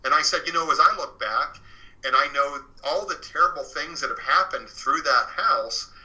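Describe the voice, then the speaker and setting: A man's voice: on the high side, moderate pace, bright, forceful tone, dull audio. A man talking as an author and interview guest, telling his story in earnest, with many fillers and restarts.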